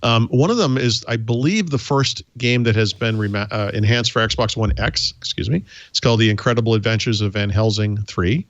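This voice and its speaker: A man's voice: lowish voice, fairly quick, hardly any pauses, dry recording, lo-fi sound. A man with a Boston accent, co-hosting a tech podcast in easygoing, wry casual chat with many ums. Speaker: podcast co-host.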